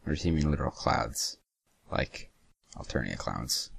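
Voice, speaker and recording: A man's voice: very deep voice, animated, a little slow, creaky, breathy edge, no echo, studio quality. A young man giving casual, sarcastic reaction commentary, swearing freely and stumbling as he reads lines aloud. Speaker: reaction video host.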